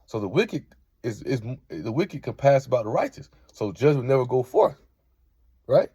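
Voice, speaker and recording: A man's voice: mid-range voice, very animated, normal speed, dark tone, slightly rough, dry recording. A man giving an informal scripture lesson, reading verses aloud and checking in with "right?" after most points. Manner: peppers talk with "right?", reads verses aloud. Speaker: Bible teacher.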